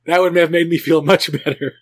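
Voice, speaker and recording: A man with a slightly high voice, rambling through a story with lots of restarts and sudden jumps in pitch. He hosts a relaxed podcast chat. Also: brisk. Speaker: podcast host. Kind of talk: casual chat.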